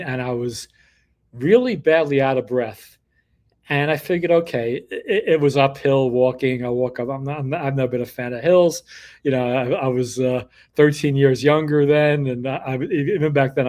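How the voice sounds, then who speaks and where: An older man from New York talks in a loose, casual monologue, drifting from story to story. He drops dry, wry jokes along the way. His voice sits at an ordinary middle pitch for a man. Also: darkish tone. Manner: rambling storytelling with wry asides. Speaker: host of his own commentary show.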